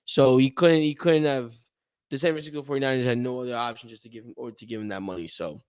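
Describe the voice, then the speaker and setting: A young podcast co-host on a sports livestream chats casually and rambles while waiting for his partner, yawning now and then. He talks fast in a medium-pitched voice with a darkish, clear, resonant tone.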